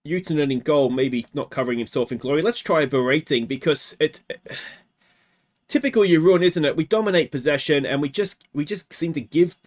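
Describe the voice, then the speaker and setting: Australian male let's-play host, slightly high voice, chatty game commentary full of rhetorical asides. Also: brisk, few pauses. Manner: chatty, asks himself rhetorical questions.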